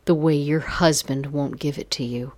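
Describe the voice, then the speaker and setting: A man's voice: fairly high pitch, fairly even intonation, moderate pace, a little mellow, no room sound, close to an everyday voice. Woman reading as a hissing, vicious husband. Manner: hissing through clenched teeth. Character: vicious husband in a role-play, grown man.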